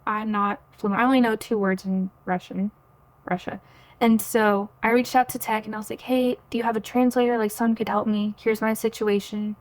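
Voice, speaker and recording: A woman's voice: mid-range voice, steady tone, fairly quick. A woman in her twenties, a podcast guest, telling her personal faith story in an earnest, chatty way and often quoting her own thoughts. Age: 20s. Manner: earnest, chatty, full of "like" and quoted inner thoughts.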